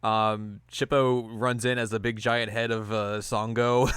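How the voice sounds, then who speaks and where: A man's voice: medium pitch, a little slow, clear, resonant tone, no echo. A young man hosting a casual chat show, recapping an episode and acting out lines in silly voices. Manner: animated, acts out characters' lines in silly voices. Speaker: podcast host.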